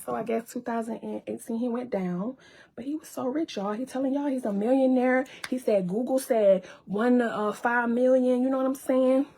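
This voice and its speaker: A woman's voice: fairly high pitch, normal speed, creaky, warm tone. A woman talking casually to her viewers on a live stream, showing documents and teasing.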